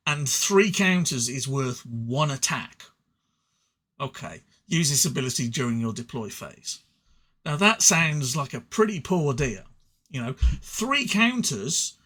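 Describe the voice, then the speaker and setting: Pitched on the high side and a bit bright, the voice belongs to a man from England with an English accent. He gives a casual solo review of card game cards, rambling, belittling himself, and restarting sentences with frequent stutters.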